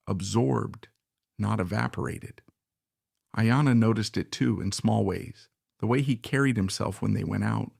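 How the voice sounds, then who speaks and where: A male narrator reads a story in a steady, reflective manner. His voice is low and heavily gravelly, full of fry. The recording is dry and close, with no room reverb. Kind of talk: scripted narration.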